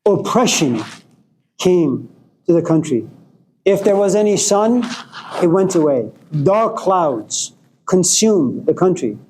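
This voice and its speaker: A male lecturer speaking in a slow, deliberate, rambling storytelling manner. His voice sits somewhat high but sounds mellow and dark. A faint hiss lies behind it. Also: sing-song, rough recording.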